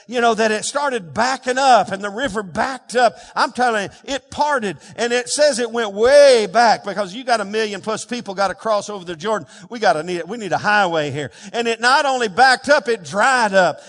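A man's voice: sits high, animated, moderate pace, few pauses, fairly bright tone. A man preaching a sermon as pastor, emphatic and drawing call-and-response from his congregation. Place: church sanctuary. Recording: long reverb of a large hall.

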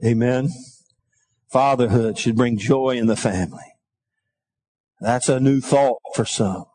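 A man's voice: medium pitch, a little slow, darkish tone, poor audio. A middle-aged man preaching a sermon, reading scripture aloud and calling on the congregation, his voice lifting into a sing-song lilt when stirred. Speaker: pastor.

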